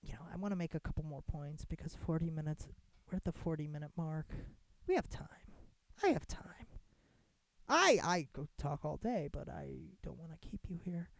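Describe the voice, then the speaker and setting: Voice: medium pitch, dry recording. A young adult podcast host in a casual ranting monologue, talking with lots of swearing, "like" fillers and restarts. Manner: animated and profane, heavy filler "like", frequent restarts.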